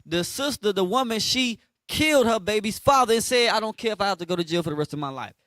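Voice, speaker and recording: A man preaches in a blunt, slangy street style, calling on listeners to finish each verse aloud. His voice sits a little high for a man. The sound is dry and close. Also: expressive, fast, a bit bright, no room sound. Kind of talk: street sermon teaching.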